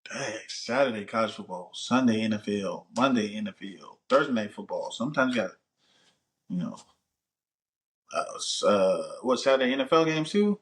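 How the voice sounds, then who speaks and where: A man's voice: lowish voice, moderate pace. Laid-back man chatting. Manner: joking, loose, laid-back Southern slang. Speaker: vlog host. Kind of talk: casual chat to camera.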